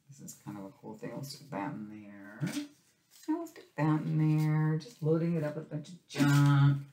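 A woman's voice: deep voice, reverberant, noisy background. A woman vlogging about her crafting, chatty and storytelling, talking to her viewers as "you guys".

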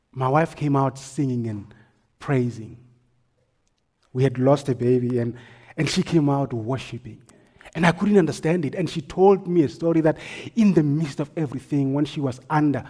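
Male pastor, husky mid voice, storytelling sermon with hushed and loud turns. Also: mid-range voice. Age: adult, married. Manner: storytelling, swings from hushed to forceful.

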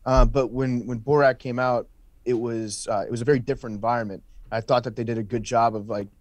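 A man's voice: medium pitch, fairly even intonation, fast talker, no echo, muffled recording. Man explaining his picks in a dry voice. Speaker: podcast guest. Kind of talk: casual podcast discussion.

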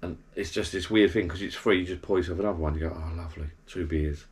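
A man's voice: deep voice, steady tone, rapid-fire. A man, rambling through pub stories to camera in his backyard garden bar. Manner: chatty, meandering, blokey storytelling with self-corrections. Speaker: vlogger. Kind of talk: rambling anecdotal monologue to camera.

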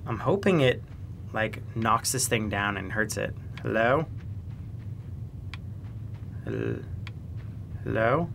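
A young man giving casual commentary while he plays a video game. He gets excitable, talks to the characters on screen and repeats phrases. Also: fairly low pitch, takes it slowly, creaky, pauses often, noisy background. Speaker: let's play host.

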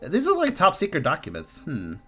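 A man's voice: a little high, wildly swooping pitch, a little fast, fairly bright tone, breathy edge, faint music behind. A man streaming a game, chatting casually, joking and swearing freely, often trailing off into mumbles. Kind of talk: casual let's-play chat.

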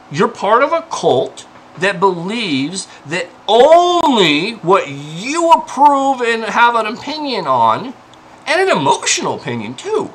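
A man's voice: sits high, sharp tone, slightly rough, poor audio. A man ranting about harassment in an exasperated, profane, pleading way, as an indie game developer. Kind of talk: angry personal rant.

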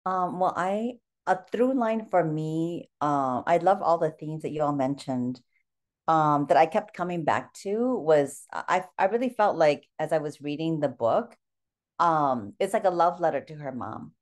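A woman's voice: low voice, animated, measured pace. A woman in her forties sharing a heartfelt personal story in a casual book club discussion. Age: 40s.

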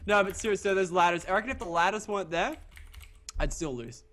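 A young man playing a game race, talking casually and reacting excitably, groaning and yelling as the race swings. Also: high-pitched, a crowd in the background. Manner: excitable, quick to yell and groan over the game. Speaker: guest gamer. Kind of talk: casual gameplay commentary.

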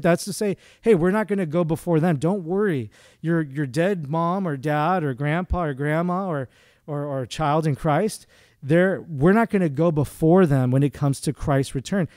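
A man's voice: fairly high pitch, normal speed, a little mellow, no room sound. Conversational male guest preacher, dry sound. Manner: conversational, with many fillers and restarts. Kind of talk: sermon. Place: church.

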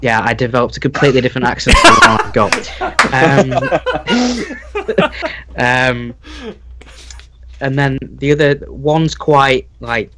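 A man's voice: mid-range voice, big pitch swings, slow pace, pauses often, noisy background. A man with a Northern English accent chatting candidly on a live stream, chuckling often and searching for words. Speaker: guest co-host. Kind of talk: casual chat on a live stream.

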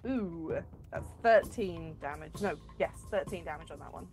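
A woman's voice: lowish voice, moderate pace, music in the background. A woman casually playing a tabletop game, chatty and playful, swearing now and then. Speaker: player.

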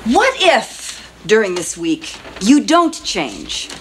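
A woman's voice: medium pitch, wildly swooping pitch, slow, noisy background. An actress playing a middle-aged sitcom wife and mother who lays down the law in a firm, dry way. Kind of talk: 1980s sitcom acting. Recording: studio audience laughter track.

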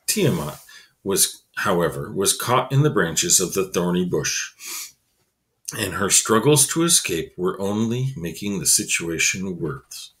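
A man's voice: sits low, expressive, a little slow, a bit bright. A man reading a children's novel aloud expressively, adding casual asides. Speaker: reader.

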